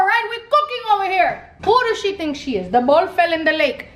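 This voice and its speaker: A woman hosting a cooking vlog in her home kitchen, chatting loudly and playfully with sassy, rambling jokes. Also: extremely high pitch, big pitch swings, a little fast. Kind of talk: casual kitchen chat. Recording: noisy home kitchen recording.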